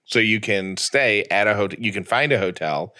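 A man with a low, bright, clear-edged voice co-hosts a relaxed chat show. He talks casually and slips in dry jokes. His delivery stays easygoing and conversational. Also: moderate pace. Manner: dry, joking. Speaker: podcast co-host.

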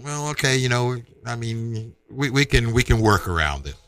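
A middle-aged man casually telling a personal story, with halting restarts and acted-out quotes. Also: medium pitch, animated, fairly bright tone, smooth, dry recording. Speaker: storyteller guest.

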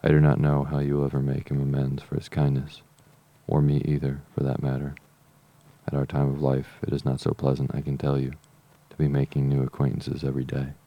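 A man reading the part of a fretful, excitable middle-aged mother in an audiobook, with a complaining tone. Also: extremely low pitch, fairly quick, dull audio.

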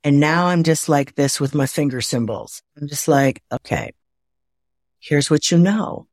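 A woman from the Midwest with a low voice, speaking as an interview guest over a video call from home. She tells her stories with energy and slips into playful inner dialogue. The recording is close and dry. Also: moderate pace, dry recording. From Midwest of the United States. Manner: lively anecdotes, acts out her own inner voice. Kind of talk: conversational storytelling. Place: home, indoors.

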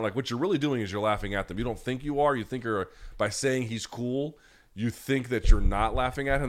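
A man hosting a live chat, ranting bluntly and with plenty of profanity, now and then mocking people in put-on voices. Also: fairly low pitch. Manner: mocks others in put-on voices. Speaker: host.

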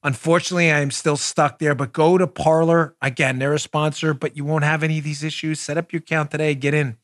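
Excitable loud-talking man hosting a show. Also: on the high side, fast. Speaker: podcast host. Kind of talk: political talk show monologue.

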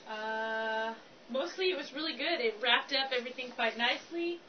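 A woman's voice: on the high side, normal speed, recorded from a distance. Chatty woman co-hosting a fan podcast. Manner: reads scripted tips, chatty and animated in banter. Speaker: podcast co-host. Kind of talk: casual chat. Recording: dull lo-fi recording with faint hiss.

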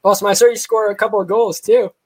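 Guy co-hosting a sports podcast, high voice, joking around. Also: steady tone, darkish tone, slightly rough, poor audio. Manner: joking, fast-talking. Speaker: podcast co-host. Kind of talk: casual chat.

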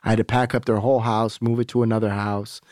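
Low-voiced man telling a raw story. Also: little pitch movement, quick pace, a little mellow, no room sound, studio quality. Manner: candid, rambling, profane, acts out quoted dialogue. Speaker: podcast guest. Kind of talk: casual storytelling conversation.

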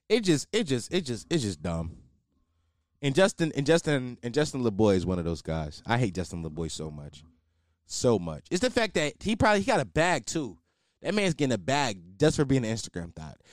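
A man's voice: mid-range voice, no echo, studio quality. A man podcaster doing a comedic, profane rant, repeating himself as he riffs.

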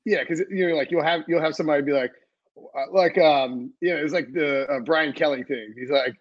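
A man with a slightly high voice hosts a sports podcast, talking fairly quickly in a dry, lo-fi recording. His casual chat rambles, full of fillers and restarts.

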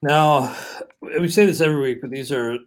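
A man co-hosting a sports podcast in casual chat, moving briskly through the rundown in a conversational way. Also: mid-range voice. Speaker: podcast co-host.

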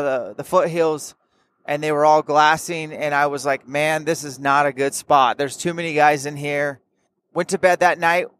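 A man's voice: on the high side, a bit bright, clean tone, no echo. A young man, a hunting vlogger, tells about his trip in frank, plain-spoken, laid-back casual storytelling.

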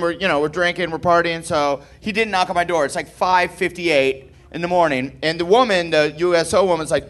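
High-voiced man telling a rowdy story. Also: a bit bright. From Nebraska, USA. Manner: rapid, laughing, swearing, acts out quotes. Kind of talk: comedic storytelling on a panel.

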